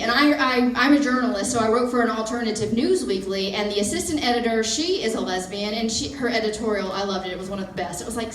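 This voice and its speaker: A woman, telling an animated, self-mocking stand-up story. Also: a little high, background noise. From Mississippi, USA. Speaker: stand-up comedian. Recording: roomy, from far off.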